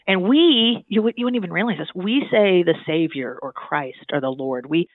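A man from Southern California, a guest telling stories in a chatty, animated way with frequent restarts. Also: sits high, moderate pace, no echo. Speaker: guest, divinity student. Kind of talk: casual conversation. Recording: thin phone-like dry line.

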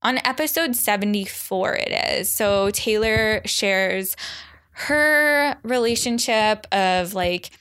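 A young woman hosts her own podcast, talking at an unhurried pace in a smooth, clear voice. She chats casually, filling her sentences with "like," and slips into a high, exaggerated voice whenever she quotes someone. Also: fairly bright tone. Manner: chatty, lots of "like", acts out quotes in a high voice. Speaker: podcast host. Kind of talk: solo podcast chat.

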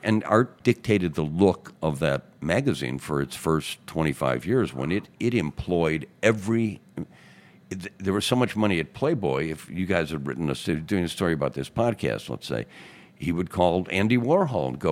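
An older man from Chicago, a newspaperman and radio host, telling animated anecdotes as a guest in a podcast studio. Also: low-pitched, normal speed. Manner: animated anecdotes, acting out quotes in other voices. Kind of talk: casual storytelling interview.

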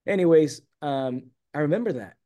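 His voice sits on the high side and moves at a moderate pace. He is a San Diego man guesting on an interview show, casually spinning a long story about his life and animatedly voicing the quoted dialogue.

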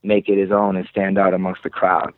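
A man's voice: sits low, monotone, brisk, no echo. A man with a Boston accent, a podcast guest talking loosely and rambling, swearing casually as he chats. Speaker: podcast guest, creative director. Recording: tinny phone-like, dry sound.

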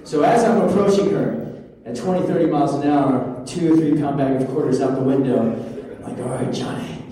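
A man telling a comic story to an audience, animated and acting out his own panic and the voices in his head. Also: mid-range voice, moderate pace. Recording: roomy hall, voice from far off.

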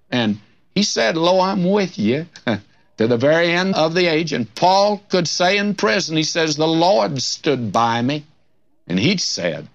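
An older man preaching a radio Bible sermon, earnest and folksy, reading scripture with dramatic flair. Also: medium pitch. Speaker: Bible teacher. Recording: dull lo-fi radio recording.

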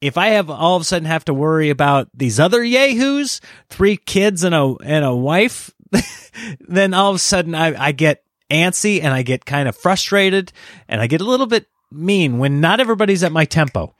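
A man hosting a podcast, telling a story in a casual, animated way, ranting in exasperation and laughing at himself. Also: on the high side, moderate pace, no echo, clean studio sound. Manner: self-deprecating, laughs at himself. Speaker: podcast host.

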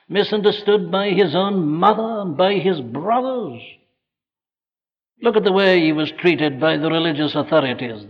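A fervent male preacher with a fairly high voice, rising to loud appeals and dropping to near whispers on old-fashioned scripture. His sermon rings through a large hall with long reverb. The recording is dull and lo-fi, like an old tape. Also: gravelly. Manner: dramatic swings from loud exhortation to hushed quotes.

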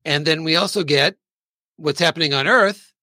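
A man's voice: fairly high pitch, moderate pace, sharp tone, dry recording. A man hosting a casual podcast chat and keeping the discussion moving. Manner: steers the talk along. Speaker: podcast host.

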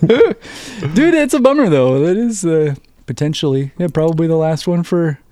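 A man's voice: on the high side, lively intonation, moderate pace, dark tone, no room sound, studio quality. A young man co-hosting a casual podcast, playful and swearing freely. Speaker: podcast co-host. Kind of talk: casual chat.

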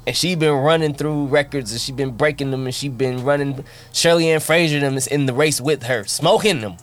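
A man co-hosting a sports podcast, animated and joking, swearing freely. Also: medium pitch, brisk. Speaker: podcast co-host. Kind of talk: casual sports chat.

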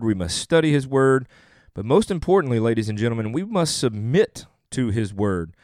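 A man's voice: medium pitch, no echo, studio quality. A young adult man, a pastor, delivering an earnest sermon with emphatic, repeated phrases.

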